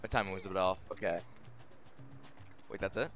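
A young man streaming a game, swearing constantly and bursting into exasperated shouts. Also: deep voice, steady tone, fairly quick, pauses often. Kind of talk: live gaming commentary.

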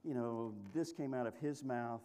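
A man's voice: mid-range voice, normal speed, warm tone. Folksy, joking male preacher. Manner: folksy, humorous storytelling with many restarts. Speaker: pastor. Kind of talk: sermon.

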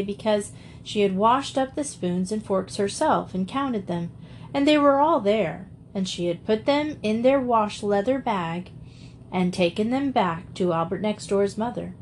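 A woman's voice: mid-range voice, lively intonation, unhurried, a little hiss or hum. Woman reading a classic storybook aloud. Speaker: audiobook reader. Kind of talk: scripted narration of a classic children's novel.

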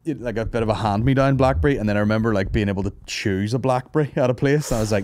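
A man's voice: on the low side, rapid-fire, few pauses, a little mellow. A young man hosting a comedy podcast, telling stories with lots of swearing and laughing asides. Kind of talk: casual banter.

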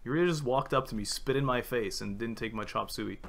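A man's voice: medium pitch, fairly quick, gravelly, faint music behind. A man streaming video games, cracking jokes and laughing often as he comments on his play. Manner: jokey, laughs often, banters with himself. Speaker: gaming streamer. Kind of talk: playful gameplay commentary.

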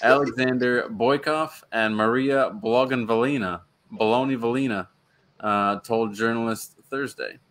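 A man's voice: medium pitch, measured pace, a bit bright. A man in his thirties co-hosting a casual sports podcast, joking dryly and reading news articles aloud. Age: 30s. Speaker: podcast co-host.

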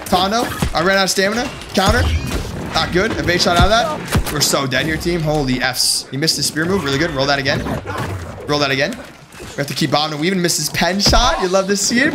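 A young man with a high voice gives live commentary on his own gameplay. He rattles off quick callouts and swears constantly. He breaks into shouts at big plays, while loud game music plays behind him. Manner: hyped, profane, rapid-fire callouts, shouting at big plays. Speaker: streamer playing a PvP game.

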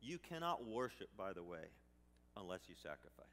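A man's voice: low-pitched, sing-song, normal speed, gravelly, a bit bright. A male pastor preaching a sermon in a conversational way, swinging up into emphatic bursts. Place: church sanctuary. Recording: church hall reverb.

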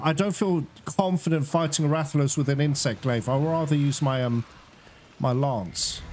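A young man giving live gameplay commentary as a channel host, excitable, swearing and groaning at the game. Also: a little high, a little hiss or hum. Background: game music.

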